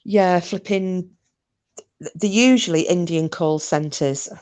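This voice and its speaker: A woman's voice: fairly low pitch, slow, a little mellow. Chatty British woman hosting a livestream. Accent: British English. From United Kingdom. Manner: chatty, swears freely, mocking. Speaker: livestream host. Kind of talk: casual live chat with viewers.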